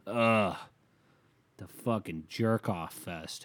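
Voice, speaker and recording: A man hosting a show, delivering a casual comedic rant that is profane and exasperated, with loud emphatic outbursts. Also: low voice, a little slow.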